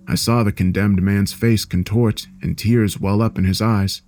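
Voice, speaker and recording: A man giving a measured, dark horror story narration. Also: fairly low pitch, fairly even intonation, slight background noise.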